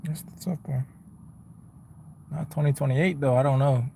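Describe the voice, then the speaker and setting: A man's voice: medium pitch, steady tone, normal speed, mellow, slight background noise. A man, chatting casually with his viewers on a live stream from his car, laid-back and rambling, calling people bro and man. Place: inside a car.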